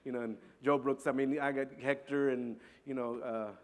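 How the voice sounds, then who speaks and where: A middle-aged man telling a personal story to an audience in an earnest, halting way, often repeating words. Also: medium pitch, flat delivery. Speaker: speaker. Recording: long hall reverb.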